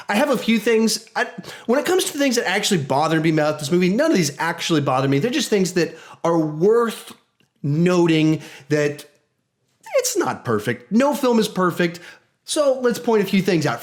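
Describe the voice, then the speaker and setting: A man giving a casual spoken movie review, enthusiastic and animated, often restarting his sentences and acting out quotes. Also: a little high.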